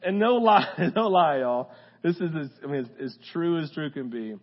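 The audio is dull as a young pastor delivers a casual, joking sermon in a church hall to a live congregation. His voice is fairly high and animated at a moderate pace, and he speaks straight to the crowd.

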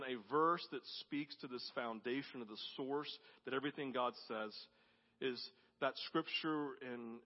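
A man preaching a sermon as pastor, rising to loud emphatic peaks and dropping to soft, intimate tones. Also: medium pitch. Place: church sanctuary. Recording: dull audio with long hall reverb.

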